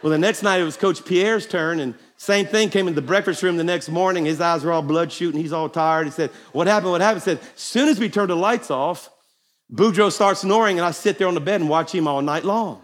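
High-voiced joking preacher in a hall. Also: male voice, a little fast. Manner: folksy, joking, stirring. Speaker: pastor. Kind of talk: conference sermon with jokes. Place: large hall with live audience. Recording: long hall reverb, faint crowd and noise.

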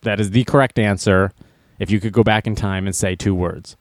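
A man's voice: lowish voice, a little fast, no echo, clean studio sound. A man hosting a talk show, joking through news items and stories and laughing often. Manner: playful, laughs often, reads news items aloud with wisecracks. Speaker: radio show host.

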